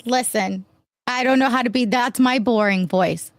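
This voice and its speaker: A woman's voice: a little high, normal speed, dry recording, studio quality. A woman co-hosting a podcast in casual banter, playful and bawdy, often laughing. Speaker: podcast co-host.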